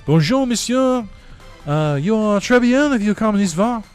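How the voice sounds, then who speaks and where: A theatrical mock-French gentleman, as a gamer puts him on, pitched far above a normal speaking voice and loud. He stretches his words out in a flowery, sing-song drawl. His exaggerated accent is full of breathy sighs. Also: expressive, unhurried, soft background music. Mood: mock grandeur.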